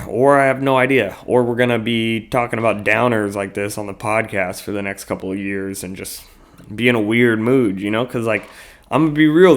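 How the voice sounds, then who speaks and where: A man's voice: fairly low pitch, fairly bright tone. A man hosting his own podcast in a casual solo monologue, rambling loosely with lots of fillers and frequent swearing. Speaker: podcast host.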